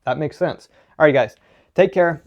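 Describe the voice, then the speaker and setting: A man with a slightly high voice talks at normal speed in a lo-fi recording. He's a running mobility coach from the southern United States giving an instructional talk to camera, blunt, emphatic, and opinionated, answering his own questions.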